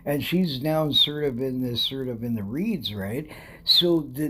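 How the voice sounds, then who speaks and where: Man, podcast host, loose storyteller, keeps circling back with "sort of", a touch higher-pitched than most. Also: a little hiss or hum. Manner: rambling, full of "sort of" and restarts; chuckles through the telling. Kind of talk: casual storytelling.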